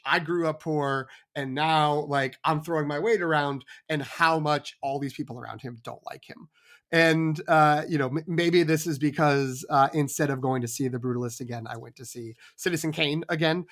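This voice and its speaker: A man from Boston hosting a casual film discussion, rambling and hesitant with many fillers. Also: a little high. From Boston area.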